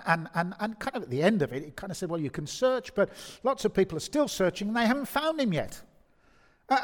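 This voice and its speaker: A man with a Birmingham accent preaches in a high, lively voice that swings widely up and down. He drives his points home with emphatic repetition and quick restarts. His words ring out with the long reverb of a large hall. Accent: Birmingham English. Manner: animated, emphatic, with frequent repeated-word restarts. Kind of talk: sermon.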